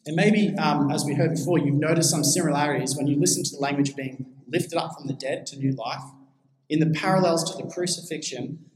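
A man's voice: a little high, brisk, darkish tone. Man preaching a sermon in an echoey hall. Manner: asks the congregation questions and answers them. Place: church hall. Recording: echoey hall, faint noise.

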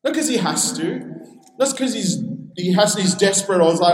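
An Australian man preaching a sermon in a relaxed, conversational way, now and then acting out the voices he quotes. His voice sits fairly high, and the room around him rings with echo. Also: normal speed. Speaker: pastor.

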